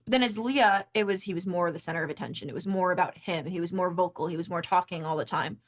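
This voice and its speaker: A woman in her twenties, a guest and former college swimmer, telling a story in animated casual conversation with quick asides. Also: lowish voice. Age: 20s.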